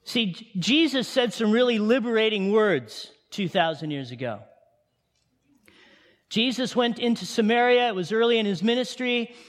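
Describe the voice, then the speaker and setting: A man preaching a sermon to his congregation, animated and firing questions at them. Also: high-pitched, normal speed. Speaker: pastor. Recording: long hall reverb.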